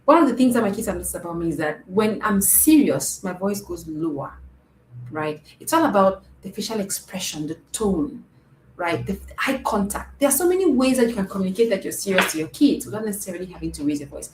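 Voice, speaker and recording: A woman's voice: mid-range voice, sing-song, a little fast, darkish tone. A woman coaching parents in an earnest, repetitive way, often checking in with "right?". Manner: earnest, repeats points, asks "right?" often. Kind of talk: live-streamed talk to parents. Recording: echoey room with faint noise.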